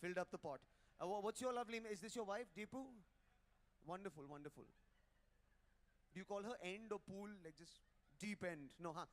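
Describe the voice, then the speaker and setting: High-voiced brash stand-up comic. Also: male voice, brisk, pauses often. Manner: brash, teasing, crowd-roasting. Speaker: stand-up comedian. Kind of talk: live stand-up with crowd work. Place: hotel ballroom event. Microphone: handheld mic.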